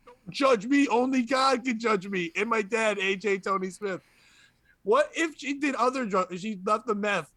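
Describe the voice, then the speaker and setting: A man's voice: high-pitched, fairly bright tone, no echo. A man hosting a comedy podcast, joking crudely and laughing often in casual banter. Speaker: podcast host.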